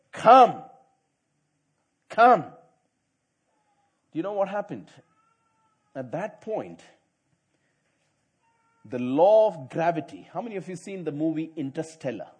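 A middle-aged male pastor delivering a sermon in a fairly high, husky voice. He moves between soft, conversational storytelling and loud, emphatic calls to the congregation.

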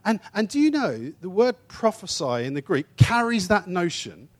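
Male preacher from England, slightly high voice, informal teaching sermon, stumbles and restarts, speeds through asides, slows on key points. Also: very animated. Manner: shifts between quick asides and slow, emphatic phrases. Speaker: traveling preacher.

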